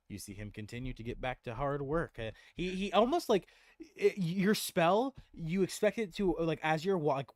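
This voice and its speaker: A man's voice: mid-range voice, no echo. A man narrating as game master in a tabletop game, rambling with many restarts.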